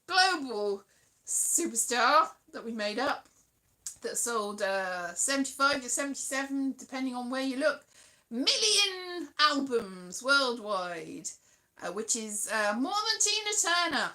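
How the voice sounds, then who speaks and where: High, bright British woman rambling. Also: big pitch swings, unhurried. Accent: British English. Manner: rambling, chatty storytelling. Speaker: livestream host. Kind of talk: casual chat with live viewers.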